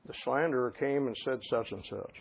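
A man preaching a sermon as a pastor, shifting between quiet storytelling and loud, emphatic passages. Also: medium pitch, brisk, creaky, breathy edge. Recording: tinny phone-like sound.

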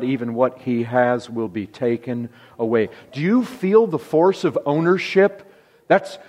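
A man preaching a sermon, emphatic and deliberate, dropping his voice low to stress key words. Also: a little mellow. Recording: long reverb of a large hall.

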